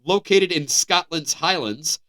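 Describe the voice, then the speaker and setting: Bright, clear American man reading headlines. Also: a little high, unhurried. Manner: animated, laughing, stumbling restarts while reading. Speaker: podcast co-host. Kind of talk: casual podcast chat, reading headlines.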